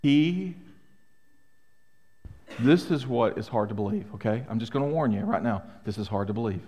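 A middle-aged male pastor delivering an emphatic sermon, pressing the room with questions. His voice sits at an ordinary pitch for a man. It rings out with the long reverb of a church sanctuary. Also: animated, moderate pace, warm tone. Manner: emphatic, rhetorical questions to the congregation.

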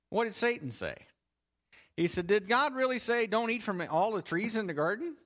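Lively high-voiced man preaching. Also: normal speed. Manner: asks the listeners questions, then answers them; lively, stressing key words. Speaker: Bible teacher. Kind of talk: expository sermon.

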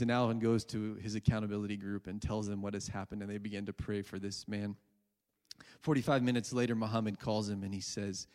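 A man's voice: fairly low pitch, a little mellow. A man preaching a sermon, earnestly retelling a story with quoted dialogue. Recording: long hall reverb.

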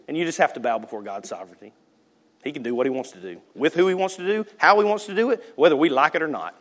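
A man preaching a sermon, swinging between loud, animated passages and hushed asides. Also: on the high side, fast talker. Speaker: pastor.

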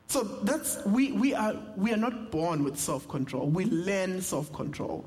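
A man's voice: sits high, unhurried. A young South African man, a pastor, preaching a sermon with humor and personal stories. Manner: storytelling with humor, animated asides. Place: church sanctuary. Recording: reverberant church hall.

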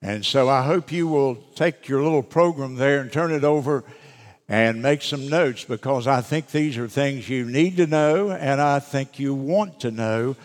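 A man preaching a sermon to his congregation, speaking deliberately with emphatic pauses. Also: medium pitch. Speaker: pastor. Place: church sanctuary. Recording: long reverb of a church hall.

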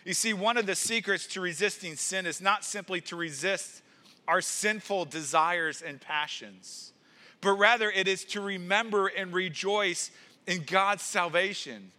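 A man's voice: high-pitched, bright, forceful tone. A man preaching a sermon in an earnest style, stressing points and often repeating words as he builds emphasis. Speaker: pastor.

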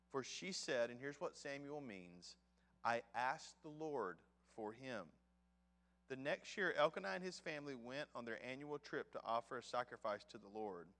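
A man's voice: mid-range voice, a bit bright. A man preaching a sermon in a conversational, storytelling way, talking straight to the men in the room. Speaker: pastor. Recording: long hall reverb.

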